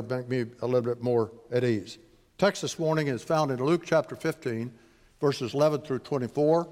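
A man with a heavy West Texas accent, a guest pastor praying and preaching in a humble, folksy way. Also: medium pitch. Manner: humble, folksy, with frequent uh fillers. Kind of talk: sermon with prayer and scripture reading. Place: church sanctuary. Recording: long church reverb.

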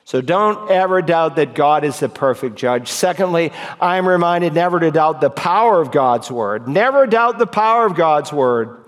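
A pastor giving an emphatic sermon, his voice swinging between loud high calls and low quiet lines. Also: lively intonation, moderate pace, hardly any pauses. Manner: emphatic preaching with sharp swings in pitch and loudness. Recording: long hall reverb.

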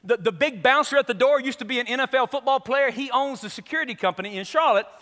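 A man with a very high, bright voice preaches to a crowd, spinning a funny story and slipping into the voices of its characters. His words ring out with the long reverb of a large hall. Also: fast. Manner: animated, comic, acts out the people in his story. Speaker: pastor. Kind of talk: storytelling sermon.

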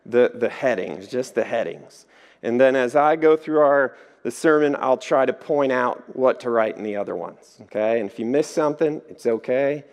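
A man preaching a sermon, telling a personal story with lively acted-out quotes before turning to scripture. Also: mid-range voice, normal speed, big-room sound. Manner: animated storytelling, acting out quoted voices. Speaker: pastor.

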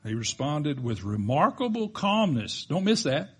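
A man's voice: a little high, big pitch swings, normal speed, husky. A man preaching a sermon in a church, emphatic and building to strong peaks, with joking asides to the congregation. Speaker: pastor.

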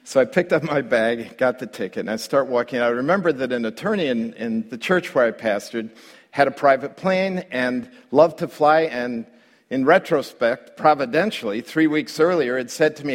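A middle-aged man, a pastor, telling a story in a sermon with lively delivery that climbs and grows louder when he relives his own panic. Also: mid-range voice, moderate pace. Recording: long hall reverb.

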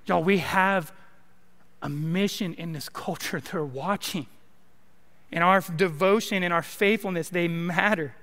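Young male college minister, bright voice. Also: sits high, a little slow. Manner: casual, joking preaching with many likes and rights. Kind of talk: sermon. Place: church sanctuary. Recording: long hall reverb.

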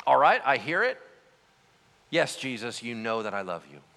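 A man's voice: medium pitch, sing-song, moderate pace, vocal fry, pushed and bright, big-room sound, pitched below the performer's own voice, exaggerated voice. A man voicing an anxious male apostle who feels like a failure, talking defensively and stammering. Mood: guilty. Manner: defensive, self-doubting, stammering.

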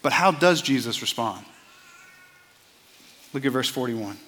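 A man's voice: medium pitch, animated, measured pace, a bit bright, big-room sound. A man preaching a sermon as a pastor, earnest and conversational, often repeating words as he starts a phrase.

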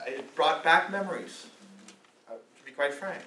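A man's voice: on the high side, animated, a little slow, pushed and bright, slight background noise. A man preaching a sermon, pressing his point with repeated rhetorical questions. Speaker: pastor. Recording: roomy echo, mic at a distance, faint ambience.

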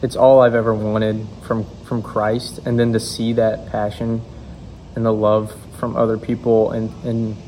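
A young man giving a halting church testimony, full of fillers and restarts. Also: lowish voice, completely flat delivery, dark tone, a little hiss or hum, rough recording. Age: young adult. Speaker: youth speaker.

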